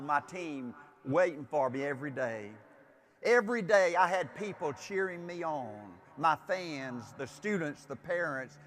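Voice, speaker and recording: A man's voice: a little high, slight background noise. Folksy man, fiery motivational speech. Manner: folksy, emphatic, rising to shouts. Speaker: motivational speaker. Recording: speech with music underneath.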